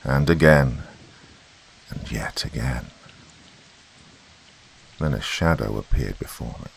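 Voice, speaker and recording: A man reading a horror story as a podcast narrator in a slow, brooding way. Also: extremely low pitch, vocal fry, slight background noise.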